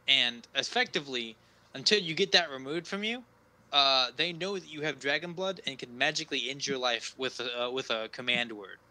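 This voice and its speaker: A tired, serious wizard advisor who hesitates, pauses and sighs between his warnings, as a man puts him on. The voice rings very bright and forceful. This is a tabletop game, not a polished studio production. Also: medium pitch, poor audio. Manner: hesitant, sighing, frequent pauses.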